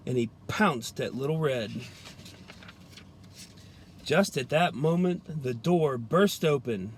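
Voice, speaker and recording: A man, a police trooper, reading a children's story aloud in a gentle, expressive storytelling way. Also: medium pitch, slow, pauses often, a little hiss or hum.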